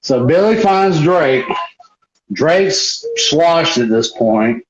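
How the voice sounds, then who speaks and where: A man's voice: a little high, expressive, extremely slow, a little hiss or hum. A man, a wrestler guest, telling stories on a video call in a rambling, profane way, full of restarts. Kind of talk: casual storytelling interview. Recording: roomy, dull lo-fi livestream audio.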